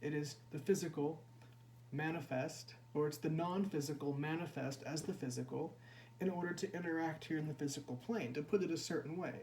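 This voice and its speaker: Guy teaching spirituality, kinda high but soft mellow voice, slow and repeats stuff, faint hum behind. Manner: unhurried, repeats key phrases for emphasis. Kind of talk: contemplative spiritual discourse.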